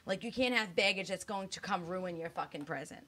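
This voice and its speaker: A woman's voice: fairly low pitch, fairly quick, bright, forceful tone. A woman in her thirties co-hosting a casual, frank chat, blunt and swearing freely, her speech slightly slurred from dental work. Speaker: co-host.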